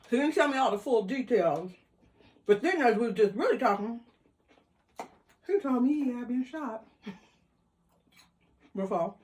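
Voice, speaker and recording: Animated woman telling a story. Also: a little high. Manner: animated, quotes people in voices, laughs. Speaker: vlogger. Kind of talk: casual storytelling.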